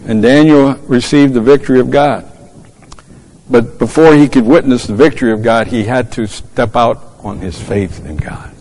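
A man's voice: mid-range voice, normal speed, a little mellow. A man preaching a fervent sermon, repeating words as he goes and quoting scripture in old-fashioned English. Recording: long hall reverb.

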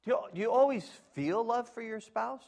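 A man's voice: very high voice, expressive, moderate pace, creaky, darkish tone. A middle-aged man preaching a conversational sermon, acting out quoted dialogue and laughing at his own jokes.

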